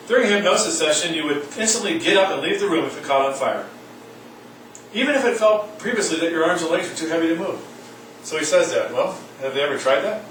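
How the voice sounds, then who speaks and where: A man's voice: on the high side, expressive, fast, a bit bright, slight background noise. A man giving a college lecture, reading aloud and adding wry comments. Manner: reads aloud and comments wryly. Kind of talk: classroom lecture. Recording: echoey room from far off.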